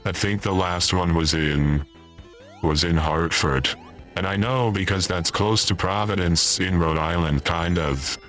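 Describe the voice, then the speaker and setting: A man doing a slow, rambling retired old man. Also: low-pitched, a bit bright, soft background music. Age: older. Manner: halting, repeats himself, rambling. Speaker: streamer in character. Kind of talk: comedic in-character livestream chat.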